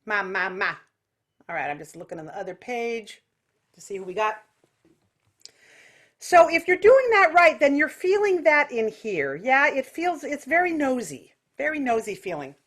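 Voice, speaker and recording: High bright-voiced woman teaching vocal exercises. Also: big pitch swings. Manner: nasal quacking vocal exercises between slow spoken instructions. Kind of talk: online singing lesson with vocal demonstrations.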